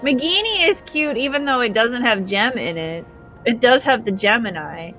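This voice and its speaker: A woman's voice: fairly high pitch, animated, moderate pace, fairly bright tone, soft background music. A woman from Canada streaming a game live, chatting and giggling as she reads out viewer comments. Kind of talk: live gameplay chat, reading viewer comments.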